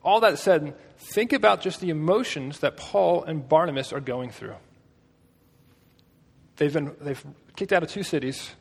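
A man's voice: fairly high pitch, unhurried, creaky, husky, in a large hall. A man preaching a casual, storytelling sermon with a conversational manner and joking asides.

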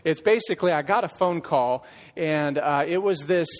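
A middle-aged man with a somewhat high voice shares his testimony as a worship leader, and he tells it as a lively story. He acts out conversations and restarts his sentences often. His voice carries a long reverb from a church hall. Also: brisk. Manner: storytelling, acting out dialogue, frequent restarts. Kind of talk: personal testimony from a church stage. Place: church stage.

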